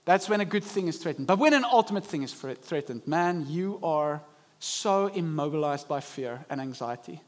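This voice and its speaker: Young male pastor, high-pitched, animated sermon delivery. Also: normal speed. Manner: animated preaching, acting out inner voices. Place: church service.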